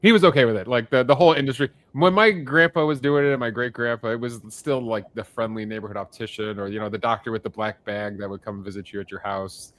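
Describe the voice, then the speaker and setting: A man's voice: mid-range voice, quick pace, hardly any pauses, fairly bright tone, no room sound. Chatty man with a dry close mic. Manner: chatty, laughs often, tells jokes with put-on voices. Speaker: podcast co-host. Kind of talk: casual chat.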